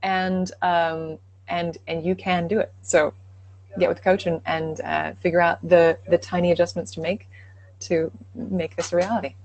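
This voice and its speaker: A woman co-hosting a live online Q&A as an accent coach, explaining things in a warm, encouraging way. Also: lowish voice, level tone, moderate pace, low-quality recording. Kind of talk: live online Q&A, giving advice.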